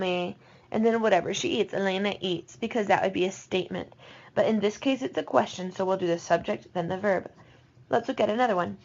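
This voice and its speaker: A woman teaching a recorded language lesson, patiently explaining and slowing down to spell out each example. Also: mid-range voice, vocal fry, darkish tone. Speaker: Spanish teacher. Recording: dull lo-fi recording.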